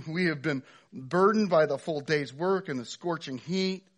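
A preacher doing a whiny, sunburnt field worker. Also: male voice, on the high side, unhurried, voice pushed up. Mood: whining. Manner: whiny complaining. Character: grumbling, worn-out male day laborer. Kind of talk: sermon.

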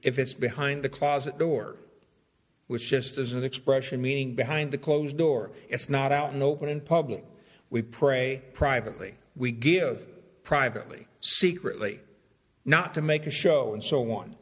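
A pastor preaching a sermon, stressing key words and restarting phrases as he explains a passage. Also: mid-range voice.

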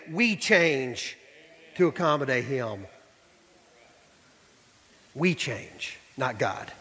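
A man's voice: fairly high pitch, in a large hall. A male pastor, preaching a sermon with rising, emphatic delivery. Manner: animated preaching, voice rising to near shouts. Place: church sanctuary.

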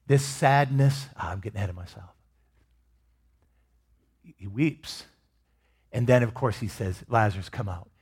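A man preaching a sermon as pastor, expressive, swinging between loud emphasis and hushed, near-whispered lines. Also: medium pitch, slightly rough.

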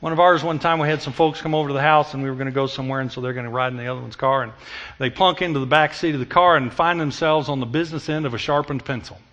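A middle-aged man preaching a sermon, telling stories and moving between loud emphatic passages and hushed, intimate ones. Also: mid-range voice, rapid-fire, dull audio. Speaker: pastor.

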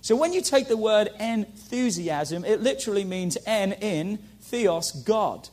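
A male pastor with a high voice delivers a sermon, calling out to the congregation and repeating key lines. He swings between loud shouting and low, hushed storytelling. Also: lively intonation, unhurried.

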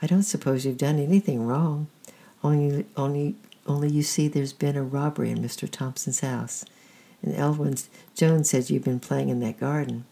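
A storyteller reading the lines of a kind grown man who speaks gently and reassuringly, in a creaky, husky voice. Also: medium pitch, steady tone, moderate pace.

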